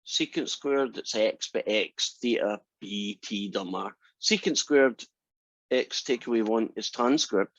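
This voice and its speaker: Measured in pace, his lowish voice a bit bright, a man lectures a calculus class as its math instructor, explaining derivatives with wry, teasing asides. No room sound comes through in this dry, muffled classroom recording.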